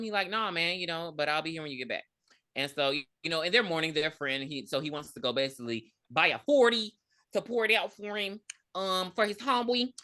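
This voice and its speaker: A woman's voice: mid-range voice, bright, forceful tone. A woman co-hosting a podcast, casually recapping a film in a loose, rambling way, laughing and cursing as she goes. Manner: loose, rambling retelling with frequent laughs and profanity. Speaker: podcast co-host. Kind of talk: casual movie recap chat.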